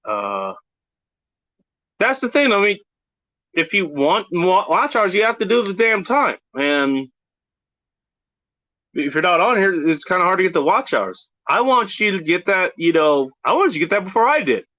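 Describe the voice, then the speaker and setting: A man hosting a livestream talks in a lively, swooping voice, bright and a little forceful. His chat is loose, rambling and full of swearing. The audio is dull and lo-fi. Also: sits high, normal speed, pauses often. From Pacific Northwest of the US. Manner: profane, rambling, animated. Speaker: livestream host.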